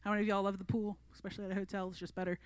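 A woman's voice: mid-range voice, little pitch movement, racing, dry recording. A woman preaching a sermon to a youth group in an earnest, conversational way. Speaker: youth pastor.

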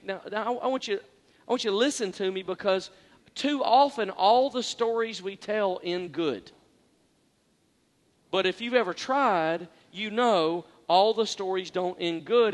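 A male pastor delivers a sermon in a strikingly high voice. He is earnest and pokes fun at himself, hammering phrases through repetition and moving from hushed to loud. His words ring out with the long reverb of a large church hall. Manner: earnest and self-deprecating, repeats phrases for emphasis, swings from quiet to loud.

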